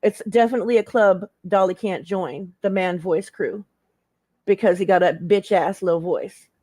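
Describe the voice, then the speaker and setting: A woman's voice: mid-range voice, fairly even intonation, normal speed, mellow, no echo. A woman guest on a live stream panel, talking casually in a slangy way, full of "like" and filler. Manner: chatty, slangy, lots of "like" and "hella".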